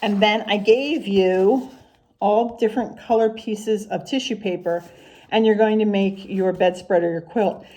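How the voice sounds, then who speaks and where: A woman teaching preschool, reading a picture book aloud in a gentle, sing-song storybook manner and asking the little ones simple questions. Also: medium pitch, steady tone, measured pace.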